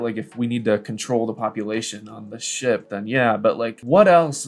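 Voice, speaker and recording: A young man giving comedic commentary on online posts, animated and incredulous, often jumping up high for jokes. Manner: animated, incredulous, jumps into high squeaky voices for bits. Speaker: YouTuber reading online posts.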